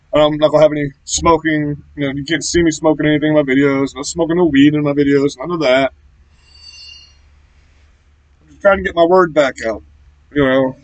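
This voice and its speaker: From a small shack, a Florida man on a political vlog unloads a heavily profane tirade, loud and aggressive and spoiling for a fight. His voice is a little high. The recording is rough, with no room sound.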